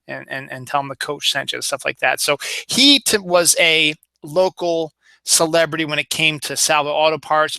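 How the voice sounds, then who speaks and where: A man's voice: fairly high pitch, pushed and bright, clear, resonant tone, no room sound. A man in his forties from Baltimore with a light Baltimore accent, hosting a solo podcast in a rambling casual chat with many fillers and restarts. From Baltimore, Maryland. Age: 40s. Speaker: podcast host.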